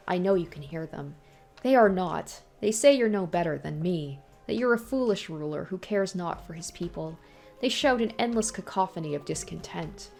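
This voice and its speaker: Reading a visual novel aloud, a woman voices the taunting ghost of a cruel old tyrant, sneering and menacing at a slow pace. Her voice sits on the low side, gravelly, with a darkish tone.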